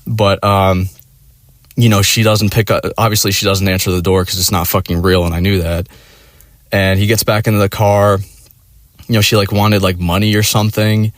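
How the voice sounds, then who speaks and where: This is a fairly low-pitched man speaking at a moderate pace, captured dry with clean studio sound. He's casually telling a story, profane and rambling, leaning hard on "like" and "you know." With real animation, he voices his friends' lines as he quotes them.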